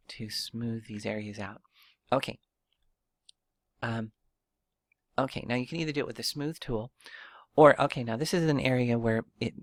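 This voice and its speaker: A man's voice: mid-range voice, no echo. A man giving a casual step-by-step 3D modeling tutorial while thinking aloud, with fillers and restarts. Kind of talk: casual screen-recorded software tutorial.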